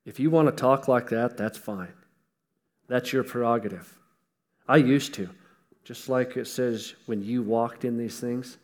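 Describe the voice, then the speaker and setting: A man preaching a sermon in a folksy, emphatic way, swinging between loud stresses and hushed asides, with touches of humor. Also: mid-range voice, unhurried, long reverb tail.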